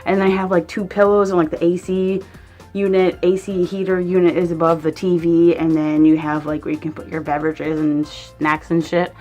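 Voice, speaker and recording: A woman's voice: fairly low pitch, level tone, moderate pace, darkish tone, soft background music. A young woman vlogger telling a casual story. She rambles and swears freely, and fills her sentences with "like".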